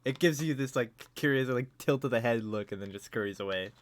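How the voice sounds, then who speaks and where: A man's voice: medium pitch, fast. A man narrating a tabletop game as game master, in a loose way full of fillers.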